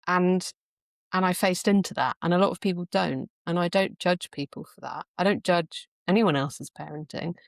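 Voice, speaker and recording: A woman with a lowish voice shares stories in a relaxed podcast chat, reflective and laughing easily. The sound is close and dry, with no room around it. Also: moderate pace, creaky, no echo. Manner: reflective storytelling, laughs often. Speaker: podcast speaker. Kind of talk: casual conversation.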